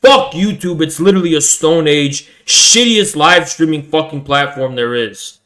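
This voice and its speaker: A man's voice: a little high, moderate pace, pushed and bright. A man live streaming an angry, profanity-heavy rant that sometimes slips into a sing-song delivery. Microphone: desk setup in front of a streaming camera.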